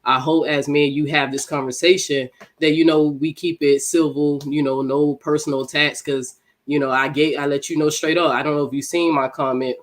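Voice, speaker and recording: A woman's voice: low-pitched, steady tone, brisk, few pauses. Congested woman with a speech impediment. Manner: blunt, insistent. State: congested from a cold. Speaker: debate guest. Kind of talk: heated online panel debate.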